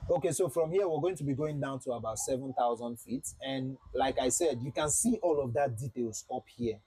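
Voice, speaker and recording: Husky young man livestreaming a flight sim. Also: mid-range voice, a little fast, warm tone, dry recording, low-quality recording. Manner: chatty, repeats himself, talks to chat. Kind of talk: casual livestream commentary.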